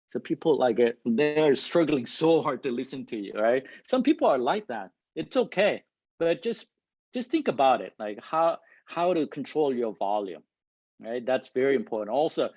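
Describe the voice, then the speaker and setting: A man who speaks English as a second language, giving a lively, loud talk to a live and online audience, laughing often and asking the room "right?". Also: fairly high pitch, normal speed, dry recording. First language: not English. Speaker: guest speaker. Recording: dull lo-fi recording.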